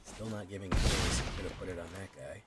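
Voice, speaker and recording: A man's voice: sits low, steady tone, brisk. A young man streaming a card game, muttering play-by-play and swearing when frustrated. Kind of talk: live gameplay commentary. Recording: noisy room ambience behind.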